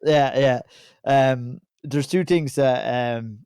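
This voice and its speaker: A chatty man hosting a podcast, with a middle-pitched voice. His sound is dry and close, with no room echo. He keeps the talk loose and easy. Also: fairly even intonation, slow, a little mellow, clean tone. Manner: chatty, laughs at his own jokes. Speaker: podcast host. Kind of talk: casual chat.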